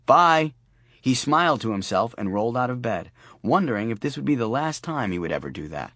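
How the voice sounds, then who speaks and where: A man's voice: mid-range voice, sing-song, fast talker, fairly bright tone, dry recording, clean studio sound. A man reading a darkly comic novel as an audiobook narrator, with wry storytelling. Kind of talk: scripted narration.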